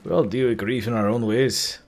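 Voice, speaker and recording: A man's voice: medium pitch, fairly even intonation, a little fast, faint music behind, lightly acted. A man reading a blunt, guarded male doctor's game dialogue aloud in an attempted Scottish accent. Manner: blunt, clipped delivery. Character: gruff male island doctor, curt and guarded.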